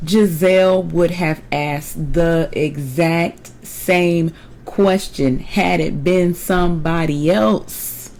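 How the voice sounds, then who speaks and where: A woman's voice: lowish voice, steady tone, takes it slowly, darkish tone, poor audio. A young woman casually recapping a reality show episode, chatty and opinionated, with colloquial slang.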